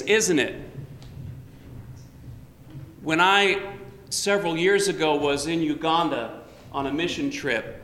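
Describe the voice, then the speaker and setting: Slow-preaching man in an echoing church. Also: fairly high pitch, fairly bright tone, a little hiss or hum. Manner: slow, measured delivery with light humor. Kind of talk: sermon. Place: church sanctuary. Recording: roomy church with long reverb.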